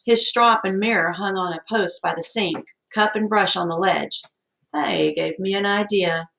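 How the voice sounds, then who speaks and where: A woman narrating an audiobook in the first person, in a folksy, expressive storytelling manner. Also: medium pitch, unhurried, vocal fry, rough recording.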